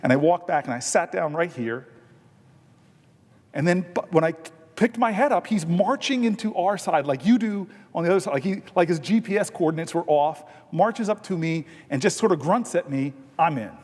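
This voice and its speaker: A man with a high, bright pitch speaks from a podium microphone in a large legislative chamber. His voice trails into a long reverb. He tells stories earnestly, then swells into stretched, emphatic words. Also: lively intonation. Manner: earnest storytelling that swells into emphatic, drawn-out stresses. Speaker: senator. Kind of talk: impassioned floor speech with storytelling.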